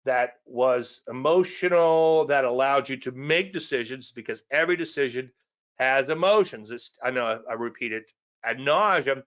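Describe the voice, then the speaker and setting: A man's voice: mid-range voice, normal speed, fairly bright tone, lo-fi sound. A man with a Cajun Louisiana accent giving a casual trading presentation, repetitive and folksy with self-deprecating asides.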